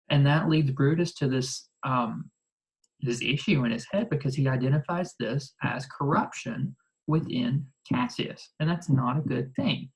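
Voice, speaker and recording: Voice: mid-range voice, normal speed, creaky, poor audio. Chatty teacher with exasperated asides. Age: adult. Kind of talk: recorded lecture explaining a play.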